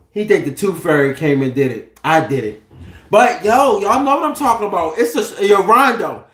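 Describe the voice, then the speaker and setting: A man in his thirties hosting a casual livestream, animated, joking and profane. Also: high voice, roomy sound. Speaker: livestream host.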